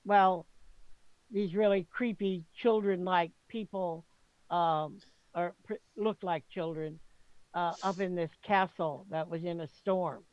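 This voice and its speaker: A woman's voice: on the low side, fairly even intonation, slow, dry recording, lo-fi sound. A woman playing a tabletop role-playing game, chatting casually and rambling through explanations. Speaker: player.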